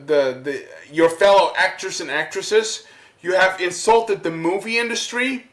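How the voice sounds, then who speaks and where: A man ranting to camera as a vlogger, worked up and halting, repeating his words as he goes. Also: sits high, fairly bright tone, roomy sound, rough recording. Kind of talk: angry rant to camera.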